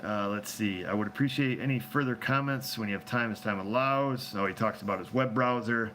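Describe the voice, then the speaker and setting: Male host, low voice, loose and joking, takes viewer questions on a phone stream with faint noise behind. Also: a little fast, a bit bright. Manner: rambling, joking, laughs often. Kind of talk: casual live chat.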